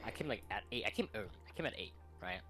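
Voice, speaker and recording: A man's voice: fairly low pitch, lively intonation, rapid-fire, over music. Tired man ranting with swearing. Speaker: streamer. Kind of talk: casual chat.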